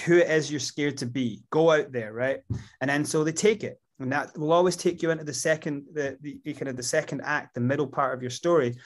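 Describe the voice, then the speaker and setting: A man as an interview guest, reflecting and explaining at length. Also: a little high. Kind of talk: casual interview chat.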